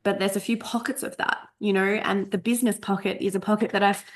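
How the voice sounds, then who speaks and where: With a medium-pitched, flat delivery and a fast pace, this woman coach in her thirties leads a casual podcast workshop. She's chatty and emphatic, curses freely, trips over her words and coughs a bit. Audio comes from a desk USB mic through a Zoom recording.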